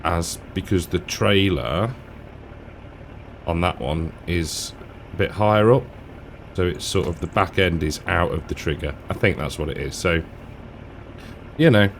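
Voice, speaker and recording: Low, slow-talking man chatting over gameplay. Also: slight background noise. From England. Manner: rambling, self-deprecating, chatty. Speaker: gaming channel host. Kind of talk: casual gameplay commentary. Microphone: desk mic with headphones.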